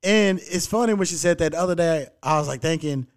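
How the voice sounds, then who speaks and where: Young male podcast host and comic, laid-back and foul-mouthed, slightly high voice. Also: a little fast. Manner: laid-back, heavy swearing, animated when quoting people. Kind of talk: casual podcast chat.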